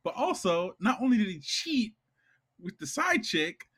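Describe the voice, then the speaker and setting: High, husky-voiced man chiming in. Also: sing-song, a bit bright. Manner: quick reactive interjections and jokes. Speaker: podcast co-host. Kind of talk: casual chat.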